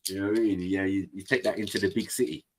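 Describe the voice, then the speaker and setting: This low-pitched English man talks at a quick pace as a guest on a panel stream, animatedly recounting stories and voicing the people in them. A little hiss or hum is audible in the recording.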